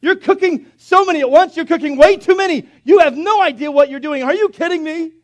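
A male preacher acting out a frantic nagging husband, shrieking panicked orders in a joke. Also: brisk. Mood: frantic scolding. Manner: shrill, panicky scolding. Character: frantic nagging husband, middle-aged man.

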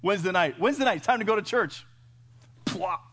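A middle-aged man preaching a sermon in a folksy way, firing off rhetorical questions and swinging from loud to hushed. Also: high-pitched, expressive, brisk, slightly rough. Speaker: pastor.

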